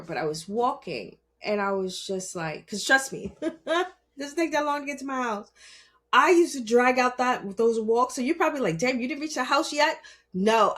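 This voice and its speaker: A woman who hosts a podcast and works as a spiritual healer tells a personal story, her medium-pitched voice swinging between loud emphasis and hushed asides. She laughs often and swears.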